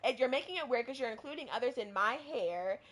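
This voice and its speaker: A woman co-hosting a casual talk show, animated, retelling a story and acting out what people said. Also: fairly high pitch, fast talker. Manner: animated, acts out quoted people. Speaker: podcast co-host.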